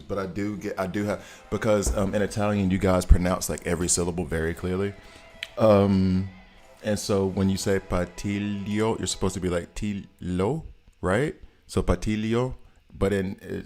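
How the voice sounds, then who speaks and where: An American man chatting casually on a live game stream, greeting viewers and laughing often. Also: low-pitched. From United States. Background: soft background music.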